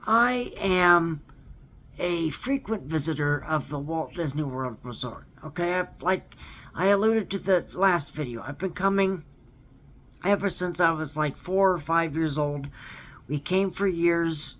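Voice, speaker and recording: A man talks slowly and deliberately, stumbling over his words and doubling back on them. He keeps pressing his point with emphatic repeats, and he checks in with a pleading "okay?" as he vents in a casual rant. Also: on the high side, fairly bright tone. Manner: earnest and emphatic. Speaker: theme park fan vlogger. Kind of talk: ranting casual monologue.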